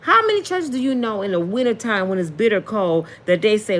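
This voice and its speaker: A woman's voice: mid-range voice, expressive, a little fast, fairly bright tone. A woman rants in a casual commentary, preachy and indignant. She keeps asking rhetorical questions in loose, everyday speech. A faint hiss of noise sits under her voice. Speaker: commentary vlogger.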